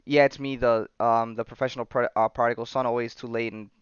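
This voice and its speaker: A guilt-ridden young man who turns into a werewolf, read out by a man in his own clear voice. The sound is dry and a bit dull. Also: medium pitch, little pitch movement, fast, no echo, lightly acted. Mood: glum. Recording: slightly dull dry recording.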